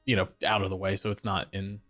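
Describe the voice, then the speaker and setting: A man playing a tabletop game, describing what his character does with relaxed hesitation. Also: deep voice, quick pace, faint music behind. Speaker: player. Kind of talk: narrating own character.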